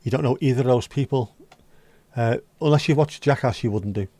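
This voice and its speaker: A little fast and mellow, a man's medium-pitched voice comes through with no room sound. He's hosting a casual livestream, reading chat and swapping jokey, profane banter with his viewers.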